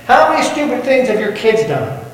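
A man's voice: very high-pitched, very animated, normal speed, a little hiss or hum. A man preaching a sermon as pastor, folksy and quizzing the congregation with questions. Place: church sanctuary. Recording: echoey church hall from far off.

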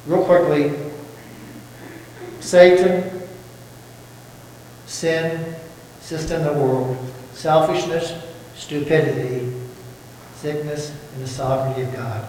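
Pastor preaching in an echoey hall. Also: male voice, on the high side, steady tone, slow pace, pauses often, a little hiss or hum. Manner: folksy, asks the congregation questions. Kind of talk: sermon. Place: church sanctuary. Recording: echoey church hall from far off.

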